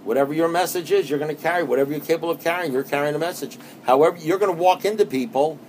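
Middle-aged man, rambling testimony, somewhat high voice, faint background hum. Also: very fast, darkish tone. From New York. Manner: rambling and conversational, with many restarts. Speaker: speaker at a recovery meeting. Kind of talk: personal testimony to a group.

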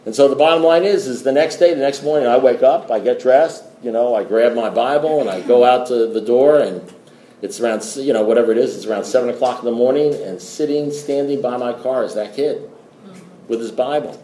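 A man's voice: mid-range voice, a little fast, mellow, reverberant, a little hiss or hum. Rambling middle-aged man telling a story. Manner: rambling, repeats words and restarts, wry asides. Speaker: recovery meeting speaker. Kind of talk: storytelling talk to a group.

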